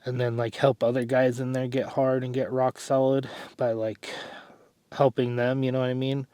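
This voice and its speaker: A man's voice: medium pitch, flat delivery, normal speed, mellow, no echo. Breathless rambling man vlogging. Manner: rambling, self-correcting, sighs and clears throat. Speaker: fitness vlogger. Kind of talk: casual vlog talk.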